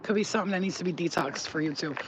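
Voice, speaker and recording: A man's voice: sits high, very fast, noisy background. A man in a casual livestream chat, giving spiritual readings in a blunt, chatty way and swearing freely.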